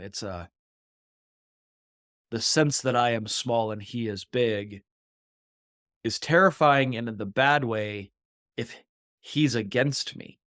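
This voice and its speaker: A man's voice: on the low side, no echo. Earnest man talking scripture in a dry room. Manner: earnest and reflective, acts out voices when quoting. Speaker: podcast co-host. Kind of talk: conversational Bible discussion.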